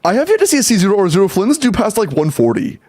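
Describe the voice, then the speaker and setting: A man's voice: high-pitched, huge pitch swings, fast, darkish tone, no echo. A man streaming live, casually talking through game account advice and answering chat, loose and rambling with some swearing.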